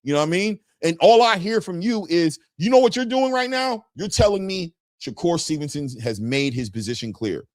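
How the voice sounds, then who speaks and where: A man hosts a boxing livestream, reading chat and answering viewers in loose slang. He sounds animated and repeats himself often, with a fairly high voice and a dry, close sound. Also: moderate pace, few pauses, dry recording. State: just woke up. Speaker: boxing talk livestream host. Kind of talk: casual livestream chat reading super chats.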